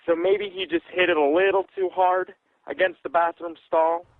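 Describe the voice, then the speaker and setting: A man's voice: high voice, little pitch movement, moderate pace, dry recording. A man co-hosting a podcast in casual chat, bantering bluntly and crudely. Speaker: podcast co-host. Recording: tinny phone-like sound.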